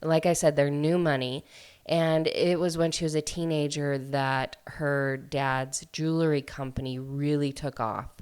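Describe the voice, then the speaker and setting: A woman hosting a book podcast, chatting casually and enthusiastically about a romance novel, full of "like" fillers and quick asides. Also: low voice, clear, resonant tone. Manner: chatty, filler-heavy, animated storytelling. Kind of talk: casual book review chat.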